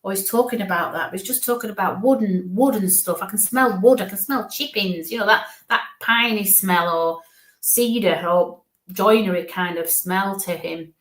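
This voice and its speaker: Woman, psychic medium, affectionate, chatty, mid pitch, echoey room. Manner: warm, affectionate, talks in quick asides. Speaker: psychic medium giving live readings. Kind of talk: live-streamed reading, chatty and reassuring.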